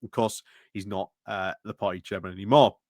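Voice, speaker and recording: A man's voice: fairly low pitch, fairly even intonation, brisk, darkish tone, dry recording. A man hosting a casual political commentary livestream, chatty and wry, with lots of filler words and self-corrections. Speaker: political commentary channel host.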